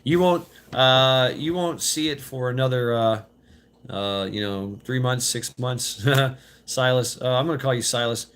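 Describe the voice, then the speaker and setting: A man in his fifties rambles casually while out on a walk, answering viewer chat as a vlogger. His mid-range voice is fairly bright, clear and resonant, and his manner is loose and profane, halting with many fillers as he stops and restarts often.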